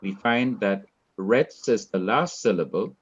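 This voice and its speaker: A man teaching a Hebrew class, explaining slowly and repeating key points for his students. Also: fairly low pitch, husky, lo-fi sound. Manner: slow, repetitive, deliberate explaining. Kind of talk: classroom lecture.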